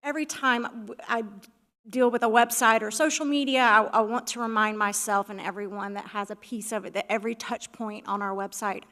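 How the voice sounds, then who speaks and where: A woman on the village staff briefs the council on the website, organized and friendly as she explains. Her voice sits somewhat high. The sound carries the long reverb of a large meeting hall. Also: fairly even intonation, brisk, sharp tone. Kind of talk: presentation to council.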